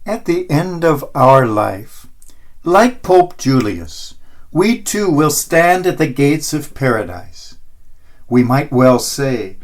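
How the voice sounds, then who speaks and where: A man, a priest, giving a homily and retelling a satirical story. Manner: slow, expressive storytelling with wide pitch swings. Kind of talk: sermon storytelling.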